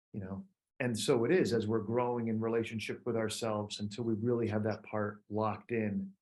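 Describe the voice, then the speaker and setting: A man in his fifties, a coach talking casually to other coaches, telling animated stories and acting out little voices. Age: 50s. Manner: drops to a soft, low voice on key points. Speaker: coach leading a group call. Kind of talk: casual talk to fellow coaches.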